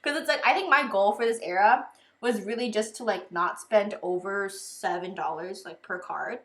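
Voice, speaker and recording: A woman's voice: mid-range voice, moderate pace, a bit bright. A young woman vlogging in a casual unboxing chat, talking loosely and filling nearly every phrase with "like". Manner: chatty, fills with "like" constantly.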